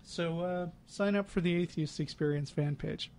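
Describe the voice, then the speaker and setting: A man's voice: a little high, moderate pace, a little mellow, a little hiss or hum. A man co-hosting a podcast, telling a story in casual chat with amused, sarcastic asides. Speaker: podcast co-host.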